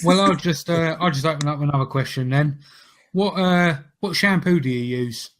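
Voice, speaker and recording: A man co-hosting a podcast, putting playful, deadpan questions to a guest with many fillers. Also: on the high side, moderate pace. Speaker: podcast co-host asking questions. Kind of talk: casual chat.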